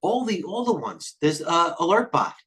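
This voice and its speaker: A man's voice: fairly high pitch, big pitch swings, fairly bright tone. A middle-aged man hosting live market commentary, rambling and jumping between tangents. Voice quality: occasional cursing, blunt and fast-thinking. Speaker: trading stream host.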